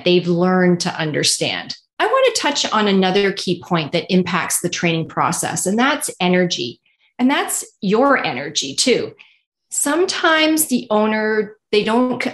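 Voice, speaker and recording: A woman co-host in relaxed podcast conversation, thoughtfully sharing examples from her own life. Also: on the low side.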